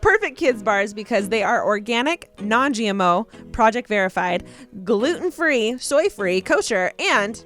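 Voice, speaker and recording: A woman's voice: on the high side, lively intonation, a little slow, fairly bright tone, soft background music. A young adult woman co-hosting a podcast, bubbly and laughing, hamming up ad reads. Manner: bubbly, laughs a lot, hammy ad read. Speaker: podcast co-host. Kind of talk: casual chat reading ads.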